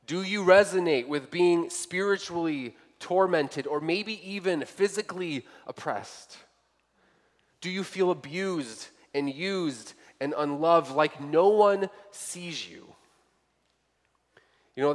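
Slow earnest pastor in reverberant hall. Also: male voice, on the high side. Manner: earnest, pleading questions to listeners. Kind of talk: sermon. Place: church sanctuary.

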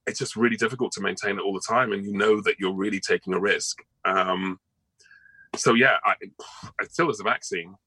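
A man's voice: fairly low pitch, steady tone, brisk, pushed and bright, breathy edge, no room sound, rough recording. A male actor chatting as an interview guest, rambling along with many ums and restarts. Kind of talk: casual interview chat.

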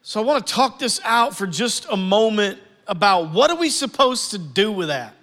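A man preaching a sermon to his church, animated and acting out family scenes. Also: high-pitched, moderate pace, long reverb tail. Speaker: pastor.

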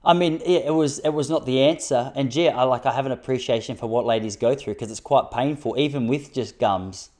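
An Australian man in his thirties doing stand-up, his storytelling wry and self-mocking. He talks in punchy bursts and jumps his voice up high whenever he quotes someone, then drops back to a level, mid-pitched tone. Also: a little fast, hardly any pauses, darkish tone. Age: 30s. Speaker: stand-up comedian.

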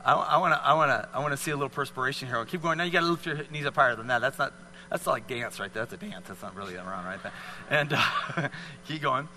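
A man's voice: medium pitch, fast, sharp tone, long reverb tail, slight background noise. A man leading a live fitness demonstration for an audience, coaching volunteers with encouraging, repeated cues. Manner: encouraging, coaxing, repetitive cues.

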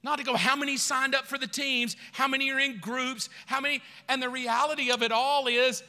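A middle-aged pastor preaching a sermon in a conversational way, joking and asking rhetorical questions. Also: male voice, high voice, sharp tone, long reverb tail.

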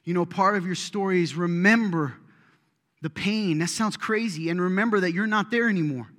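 A man's voice: sits high, fairly quick, a bit bright. Conversational preacher man in a reverberant hall. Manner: conversational, joking, rising to emphatic preaching. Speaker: pastor. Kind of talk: sermon. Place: church sanctuary.

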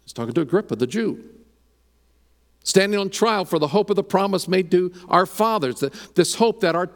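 A man's voice: high-pitched, big pitch swings, moderate pace, pauses often, in a large hall. A man preaching a sermon as pastor, emphatic, repeating words as he builds his points.

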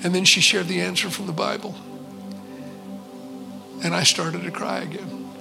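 A man's voice: sits high, steady tone, moderate pace, vocal fry, music in the background, rough recording. A man preaching, telling his testimony in an earnest, conversational way with quoted dialogue. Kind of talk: sermon testimony storytelling.

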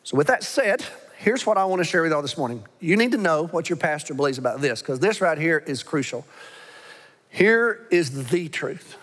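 A man preaching a sermon as pastor, pressing his points with slow, weighty lines between quicker asides. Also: on the high side, animated, fairly bright tone. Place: large church sanctuary. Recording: long hall reverb.

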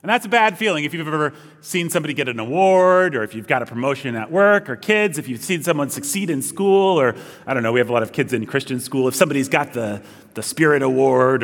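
A man's voice: mid-range voice, a bit bright. Young male pastor, easygoing anecdotal sermon, long church reverb. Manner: conversational, storytelling, self-deprecating asides. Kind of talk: sermon with opening prayer.

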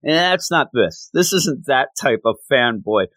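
A man recapping a comic book in an animated, conversational way, slipping into the characters' lines as he goes. His voice sits at a middling pitch. The recording is dry and close. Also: a little slow, no room sound. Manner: animated, acts out quoted lines. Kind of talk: casual storytelling recap.

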